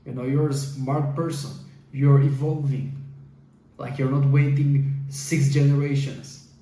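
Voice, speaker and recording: A man's voice: medium pitch, little pitch movement, a little slow, warm tone. A man giving casual relationship advice in a hesitant, coaching way, with many fillers and restarts. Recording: echoey room, far from the mic, faint hiss.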